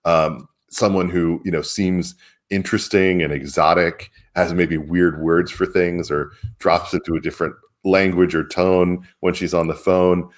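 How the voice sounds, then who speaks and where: A man with a very low, deep voice co-hosts a casual chat about current events. He argues emphatically and sounds incredulous, breaking into chuckling asides. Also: fairly even intonation, a little slow. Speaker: publisher and co-host.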